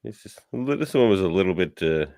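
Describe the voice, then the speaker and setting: A man with a very deep voice chats in a relaxed, offhand way as a podcast co-host. His voice sounds dry and close, with no room around it. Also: quick pace, no room sound. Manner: laid-back, short reactions and offhand remarks. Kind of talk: casual chat.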